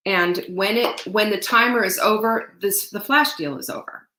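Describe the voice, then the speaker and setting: A woman's voice: mid-range voice, moderate pace, pushed and bright, roomy sound, low-quality recording. A woman hosting a live sales stream from home, chatty and rambling, getting teary and full of fillers and restarts. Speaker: livestream host selling supplements. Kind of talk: casual live sales chat.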